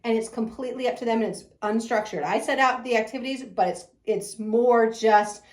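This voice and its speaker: A woman's voice: on the high side, brisk, echoey room. A woman who runs a preschool, talking about it with gushing enthusiasm and frequent laughter. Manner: effusive, gushing, laughs often. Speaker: preschool teacher and owner. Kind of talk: enthusiastic promotional talk.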